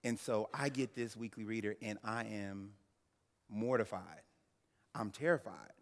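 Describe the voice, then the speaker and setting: A man in his thirties, an attorney and guest speaker, telling his personal story at an event with earnest, slow, emphatic phrasing. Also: on the low side. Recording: reverberant hall.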